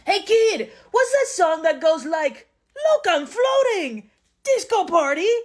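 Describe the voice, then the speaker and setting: A woman voicing a goofy middle-aged dad who half-sings mangled song lyrics in a high, silly, sing-song way. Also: very animated, takes it slowly, full character voice.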